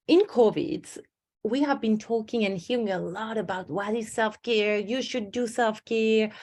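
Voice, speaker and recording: Middle-aged woman coach, lively storytelling webinar delivery. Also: mid-range voice. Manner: animated storytelling with acted inner voices. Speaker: stress management coach. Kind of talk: webinar presentation.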